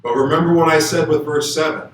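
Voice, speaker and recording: A man's voice: fairly high pitch, fast. A man guest preacher giving a conversational, emphatic sermon in a church and reading scripture aloud. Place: church sanctuary. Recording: echoey church hall from far off.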